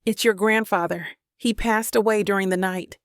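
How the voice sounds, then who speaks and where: A woman's voice: medium pitch, steady tone, moderate pace, no room sound, studio quality, natural voice. A woman voicing a grieving mother who sounds shaky and tearful. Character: grieving middle-aged mother, shaky and tender.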